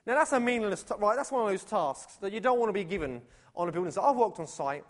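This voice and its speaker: A man preaching to his church in a lively, conversational way, moving from loud calls to hushed questions. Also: high voice, fast. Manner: animated and conversational, swinging from loud to hushed, with many rhetorical questions. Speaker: pastor. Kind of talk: sermon. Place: church, before a live congregation.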